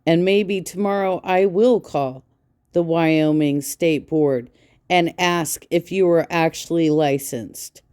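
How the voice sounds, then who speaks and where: A woman's voice: low voice, steady tone, slow pace, a little mellow, clean tone. A woman giving profane, mocking commentary, sarcastic and scornful, swearing constantly. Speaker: reaction commentator.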